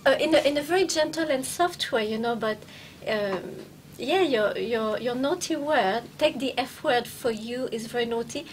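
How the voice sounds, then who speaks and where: A woman from France with a French accent, a stand-up comedian chatting playfully in an interview, laughing often and pausing on fillers. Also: on the high side. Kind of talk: casual interview chat. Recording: noticeable background noise.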